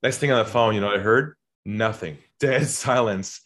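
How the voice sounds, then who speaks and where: A man's voice: fairly low pitch, normal speed. A man talking as a sales coach on a podcast, telling stories and acting out phone calls in changed voices. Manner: animated storyteller, acts out calls in changed voices. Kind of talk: podcast conversation.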